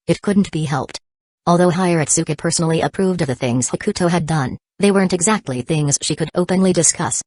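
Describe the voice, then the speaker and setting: A woman narrating an audiobook in a low voice. Her reading is even and unhurried, with uneven pauses. The sound is dry and close. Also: no room sound.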